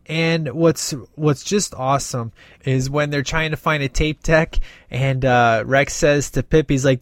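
A man's voice: a little high, moderate pace, no room sound, clean studio sound. A man casually retelling a film's plot, acting out the characters' lines with plenty of fillers. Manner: animated retelling, acts out quoted dialogue, many fillers. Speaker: movie reviewer. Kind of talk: casual film recap.

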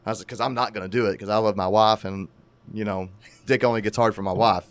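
On a casual, profane podcast, a man with a lowish voice talks fast through a crude, animated story and laughs at his own tale. The recording is dry.

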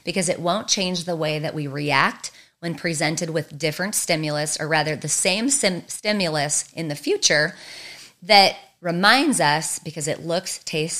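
Woman trauma therapist with a lower-pitched voice, delivering an earnest explanatory lesson in short repeated phrases. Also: bright, forceful tone. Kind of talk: explanatory teaching talk.

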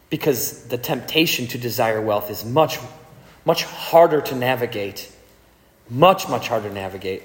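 A man preaching a sermon as pastor, indignant and impassioned, with sudden forceful peaks. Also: mid-range voice. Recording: echoey hall with long reverb.

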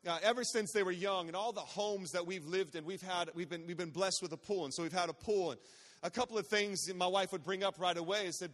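A high-voiced man in his forties who preaches as a guest pastor, telling family stories in a chatty, joking way. He keeps tossing call-outs to the crowd, and his voice carries a long reverb through a large church sanctuary. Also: quick pace, fairly bright tone. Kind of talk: sermon storytelling.

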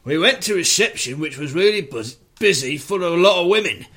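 A man's voice: on the high side, expressive, brisk, pushed and bright, husky, pitched above the performer's own voice, heavily acted. A man putting on a Cockney accent to voice a brash male hotel reviewer for comedy.

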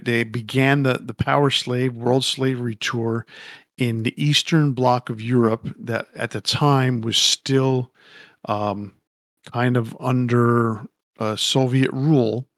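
A man's voice: medium pitch, steady tone, slow pace, dry recording, clean studio sound. A man co-hosting a casual podcast, rambling and opinionated, swearing casually as he talks. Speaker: podcast co-host.

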